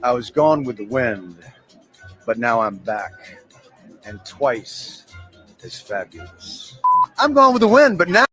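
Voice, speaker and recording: A man's voice: mid-range voice, sing-song, slow pace, pauses often, fairly bright tone, rough recording. A man appearing as a playful, flirty talk show guest in a TV clip. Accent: non-Southern, self-described foreign accent. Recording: TV clip with music behind.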